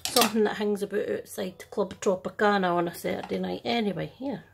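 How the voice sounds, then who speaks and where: Brisk and gravelly, this medium-pitched voice holds a steady tone against slight background noise. The speaker, a middle-aged Scottish makeup artist, talks casually through a home makeup tutorial, soft and half-whispering with self-deprecating humor.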